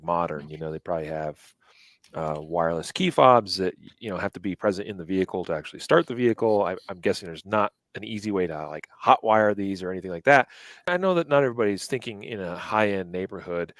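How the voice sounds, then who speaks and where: Low-voiced man musing, dry sound. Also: no room sound. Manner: thinking aloud, hesitant, many fillers. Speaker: co-host. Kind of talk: casual news commentary.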